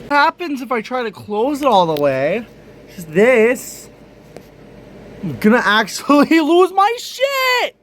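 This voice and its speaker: A man's voice: extremely high pitch, very animated, a little slow, long pauses, a bit bright, a little hiss or hum. A young man ranting on video, exasperated and swearing, often breaking into laughter. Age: young adult. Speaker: vlogger. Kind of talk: profane rant video.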